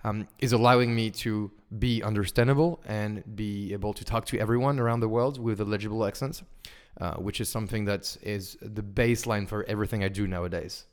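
A man in his twenties with a French accent, a guest chatting casually in an interview, animated and full of fillers and restarts. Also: on the low side, fairly quick, clear, resonant tone. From France. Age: 20s. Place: indoors over wine.

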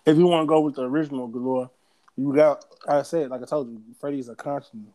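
A man's voice: medium pitch, fairly even intonation, quick pace, dark tone. A man co-hosting a casual podcast chat, laid-back and profane. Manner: laid-back, profane, talks over others. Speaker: podcast co-host.

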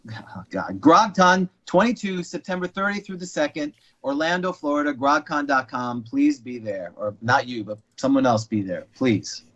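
A man's voice: a little high, moderate pace, few pauses, a bit bright, muffled recording. A man giving a wry, offhand plug for his event as a podcast guest. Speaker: podcast guest promoting a convention.

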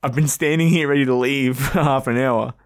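A man co-hosting a casual podcast tells a story full of laughter and swearing, close to a studio podcast mic. His medium-pitched voice is steady and a little fast, with no room sound.

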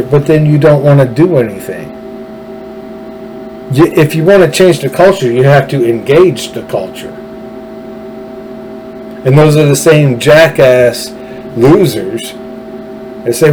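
A man rants through a political monologue, hammering points with repeated phrases. His voice is mellow and dark, and he talks at an unhurried pace. A faint hum of room noise sits underneath. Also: medium pitch, rough recording. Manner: ranting, emphatic, repeats phrases. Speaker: political podcast host. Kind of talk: opinionated monologue.

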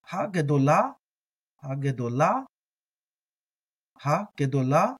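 A man teaching a reading lesson, patiently repeating each word slowly for listeners to echo. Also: fairly high pitch, big pitch swings, husky. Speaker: language teacher.

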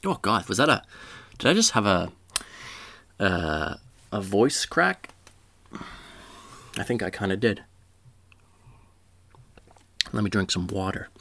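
A man's voice: lowish voice, animated, a little slow, long pauses, pushed and bright. A man telling a comedic story in a rambling, profane way, laughing at his own jokes.

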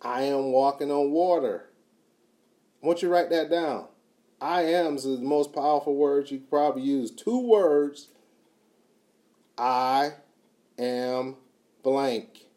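A man giving a motivational talk, emphatic and repetitive, swinging from quiet to loud. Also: mid-range voice, takes it slowly, long pauses. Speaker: motivational speaker.

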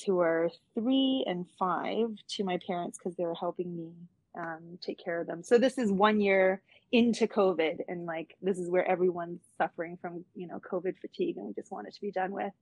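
A woman's voice: mid-range voice, darkish tone. A woman in her thirties tells a personal story on a video call in a candid, casual way, with fillers and the odd swear word. Her voice comes through dull, lo-fi call audio and sounds dry and close, with no room echo. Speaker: child protection worker.

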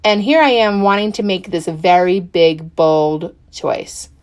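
A middle-aged woman telling a personal story in a chatty, animated way, full of fillers and acted-out quotes. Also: on the low side, a little slow. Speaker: podcast guest.

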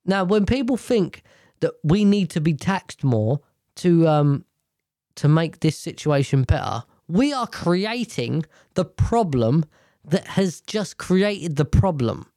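A man's voice: fairly high pitch, very animated, slow, warm tone, dry recording, studio quality. A man giving a blunt, profane, rambling rant about politics.

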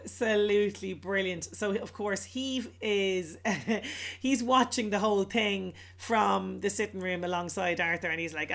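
A woman's voice: medium pitch, a little slow, creaky, a bit bright. A woman co-hosting a casual chat, retelling a film with laughter and put-on voices. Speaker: podcast co-host.

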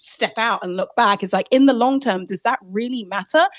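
A woman's voice: on the high side, a little fast, a bit bright, dry recording. A woman co-hosting a casual panel discussion, thoughtful, with frequent restarts and fillers.

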